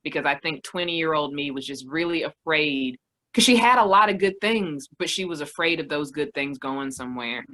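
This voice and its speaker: A woman self-love coach speaking thoughtfully as a guest on a podcast, slowing down to make reflective points. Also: on the low side, a bit bright. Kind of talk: reflective conversational podcast talk.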